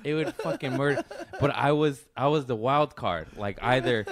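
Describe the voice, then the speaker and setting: A man's voice: medium pitch, normal speed, crowd noise. A man hosting a casual podcast chat, laughing often and telling self-mocking stories. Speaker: podcast host.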